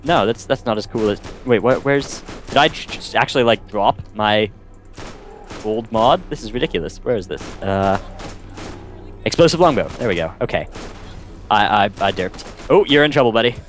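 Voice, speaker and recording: Man, lowish voice, casual co-op gameplay commentary, gunfire behind. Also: a little hiss or hum. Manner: excitable, quick exclamations while playing.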